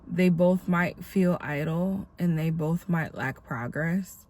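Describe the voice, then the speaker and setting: A woman speaks slowly in a lowish, slightly mellow voice while hosting a casual devotional vlog. She's a dancer and vlogger who sounds tired, congested and a bit nasal, with a reflective, encouraging manner full of fillers.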